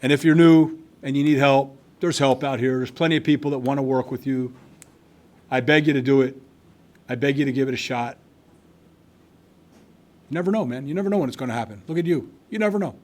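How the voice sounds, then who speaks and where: A man in his sixties gives a personal recovery testimony at a meeting hall, speaking with candor and wry humor while restarting now and then. His mid-range voice runs fairly quick, broken up by long pauses.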